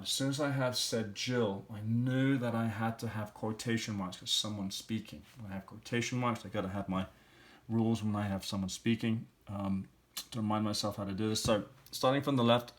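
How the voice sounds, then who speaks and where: A man teaching, walking patiently through language exercises and thinking aloud as he works out each answer. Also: on the low side. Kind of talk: explaining language exercises step by step.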